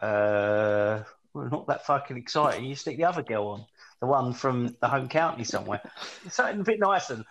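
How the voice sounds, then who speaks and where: A man from England co-hosting a podcast, telling crude stories in an animated way, swearing and laughing at his own jokes. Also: medium pitch, a little fast, lo-fi sound. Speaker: podcast co-host. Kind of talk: crude comedic casual chat.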